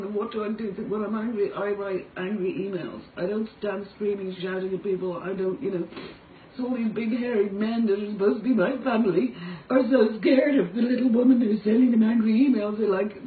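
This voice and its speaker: A woman's voice: medium pitch, brisk, distant mic. An Irish woman pours out a raw, profane, pleading confessional monologue. Her voice comes from a little way off the mic, through tinny, phone-like audio. It bounces around an echoey room with a faint hiss underneath. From Ireland. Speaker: singer making a personal video. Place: motel room.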